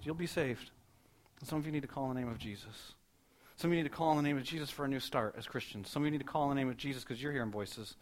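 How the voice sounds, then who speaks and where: Fast-talking male pastor preaching. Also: medium pitch. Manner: fast, storytelling delivery that builds to emphatic repeated lines. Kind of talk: sermon.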